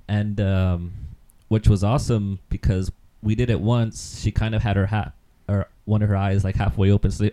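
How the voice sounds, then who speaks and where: A man's voice: on the low side, little pitch movement, a little fast, warm tone. A man co-hosting a casual chat, rambling through an anecdote with lots of ums and easy laughs. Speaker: podcast co-host.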